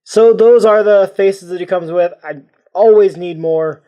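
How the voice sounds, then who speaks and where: A man's voice: high voice, measured pace, dark tone. A man giving a casual toy review, rambling and joking at his own expense. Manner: rambling, jokey and self-mocking.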